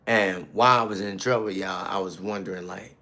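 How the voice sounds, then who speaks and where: A man's voice: sits low, steady tone, a little fast, bright, forceful tone. Man preaching his story on a live stream. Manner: preachy storytelling, repeatedly calling out to the audience; repetitive, building emphasis. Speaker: landscaping business owner.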